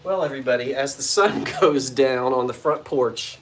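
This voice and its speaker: A man sells vintage goods in a casual livestream on the front porch of an old bungalow, joking with viewers and welcoming them by name. He speaks at a normal speed and medium pitch, with faint music in the background.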